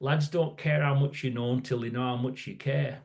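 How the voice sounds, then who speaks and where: A man's voice: mid-range voice, fairly even intonation, fairly quick, creaky, a little mellow, lightly acted. A man retelling the words of a stern older male supervisor, a hard taskmaster who gives blunt, clipped orders. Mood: earnest.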